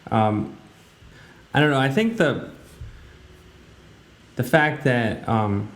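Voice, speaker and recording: A man's voice: mid-range voice, expressive, slow. A man hosting a radio talk show, giving casual, rambling commentary in a blunt way with many fillers. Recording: roomy, echoey room.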